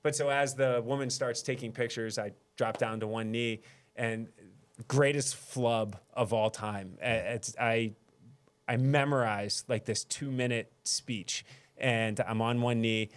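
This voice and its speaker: A man's voice: mid-range voice, steady tone, a little slow, clean tone. A man in his thirties, a mayor and guest on an interview show, telling a personal story in a casual, self-deprecating way and laughing often.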